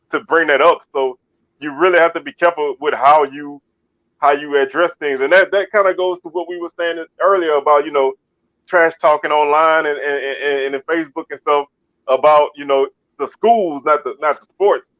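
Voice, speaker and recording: A man from Baton Rouge, Louisiana co-hosts a relaxed sports chat in a slightly high voice, keeping a steady tone and moderate pace. He often restarts and repeats what he says. The dull, dry lo-fi recording has no room sound.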